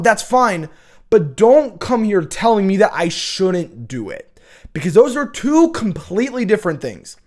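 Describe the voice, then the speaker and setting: A young man hosting a college football show, talking in a casual, opinionated, rambling rant with many restarts. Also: sits high.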